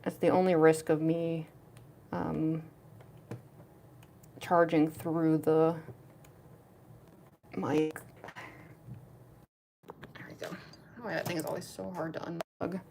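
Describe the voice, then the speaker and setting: A woman's voice: low-pitched, little pitch movement, takes it slowly, gravelly, pauses often, warm tone, a little hiss or hum. A young woman chatting casually on a cosplay livestream from home, giggling often and answering chat, on a phone with a plug-in mic. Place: home room.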